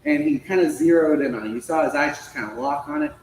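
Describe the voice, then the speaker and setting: A man with a fairly high voice tells stories to a small audience, acting out each exchange and laughing often. He is recorded in an echoey room with a faint hiss behind him. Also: fast. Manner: lively storytelling, acts out quoted dialogue, laughs often. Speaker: speaker at a local political club meeting. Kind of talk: storytelling talk to a small audience.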